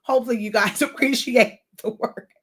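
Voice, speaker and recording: A middle-aged woman hosting a casual livestream, fast-talking and long-winded, working to slow herself down. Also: a little high, steady tone. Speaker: livestream host and creative instructor. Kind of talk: casual live-stream talk.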